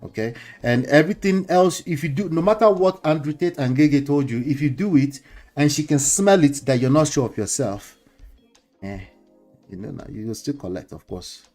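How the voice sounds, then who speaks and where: A man's voice: on the high side, normal speed, a little mellow, faint music behind. Lecturing Nigerian man hosting a commentary show. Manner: lecturing, repeats points, chuckles, mixes in pidgin words. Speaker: host.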